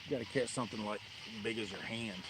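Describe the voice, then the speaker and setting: A man's voice: lowish voice, steady tone, fast. A man hosting a casual live fishing stream by the water at night, laughing often as he tells funny stories. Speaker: fishing livestream host. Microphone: camera on a tripod. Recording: outdoor night noise clearly audible.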